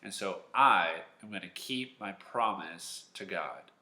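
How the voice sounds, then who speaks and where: A man's voice: sits low, takes it slowly, sharp tone, full character voice. A man voicing a hopeful young mother. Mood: earnest. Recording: echoey room.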